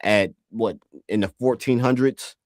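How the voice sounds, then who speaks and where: A man from the United States chats on a podcast with an emphatic, profane delivery, tripping over repeated words as he pushes his point. His voice sits on the low side. The recording is dry, with little room sound. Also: measured pace, no room sound. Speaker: podcast co-host. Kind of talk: casual podcast chat.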